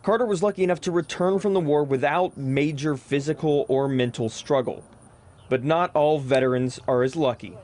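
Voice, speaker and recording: Young male TV sports reporter, bright upbeat read, higher voice. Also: moderate pace. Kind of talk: broadcast news reporting.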